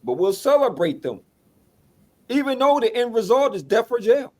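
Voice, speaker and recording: A man's voice: extremely high pitch, big pitch swings, normal speed. A man co-hosting a casual movie podcast, reflecting on a topic and laying out his points step by step, checking in with "right?". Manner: reflective, explains points step by step with tag questions. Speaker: podcast co-host.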